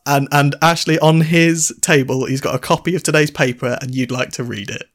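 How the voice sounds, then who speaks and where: A man's voice: fairly high pitch, steady tone, a little fast, a bit bright. A young man co-hosting a podcast who banters playfully and sets up an improvised role-play. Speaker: podcast co-host. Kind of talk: casual chat.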